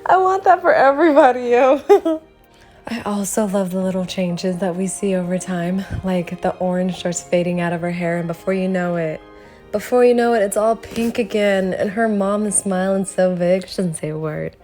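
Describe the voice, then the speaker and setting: A woman narrating her drawing process in a casual vlog, animated and laughing often. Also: fairly low pitch, normal speed, soft background music. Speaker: art vlogger.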